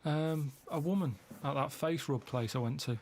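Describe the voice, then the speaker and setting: Deadpan man rambling. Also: on the high side, moderate pace. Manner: deadpan, meandering storytelling. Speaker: regular on a comedy podcast. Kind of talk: casual chat, rambling anecdotes.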